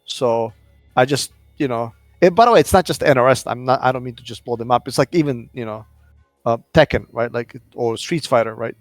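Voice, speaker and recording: A man on a casual podcast who lays out his arguments at length and leans on fillers as he goes. His voice is recorded close and dry, with faint music underneath. His pitch is average. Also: no room sound. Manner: measured, explaining, many fillers. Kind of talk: casual gaming podcast chat.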